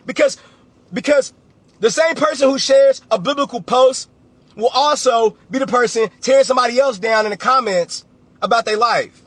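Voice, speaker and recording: A man's voice: very high voice, moderate pace, a bit bright, no echo. A man, a real estate coach giving a blunt, preachy motivational talk on a livestream and repeating phrases for emphasis.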